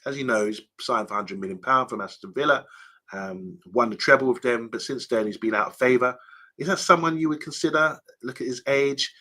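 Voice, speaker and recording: A man's voice: lowish voice, bright, forceful tone. A man hosting a casual fan live stream, chatting loosely and reading out viewer comments with lots of ums and restarts.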